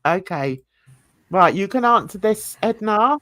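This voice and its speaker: A woman's voice: medium pitch, expressive, unhurried, a bit bright, no room sound. A woman hosting a casual livestream chat, playful and giggly, talking to her viewers as guys. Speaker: livestream host.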